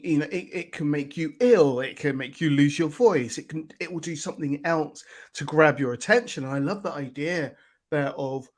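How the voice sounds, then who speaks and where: A man chatting on a podcast, telling stories and acting out what other people say. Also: on the high side. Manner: warm storyteller, acts out quotes, laughs along. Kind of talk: casual podcast conversation.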